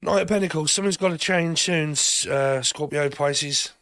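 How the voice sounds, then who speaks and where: A man's voice: a little high, normal speed, a bit bright, no echo. A man giving a rambling tarot card reading, swearing often and laughing between phrases. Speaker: tarot reader.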